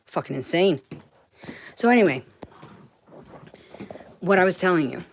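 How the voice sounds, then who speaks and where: A woman's voice: on the low side, animated, a little slow, slight background noise. A woman ranting to her livestream viewers from home, swearing constantly. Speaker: vlogger.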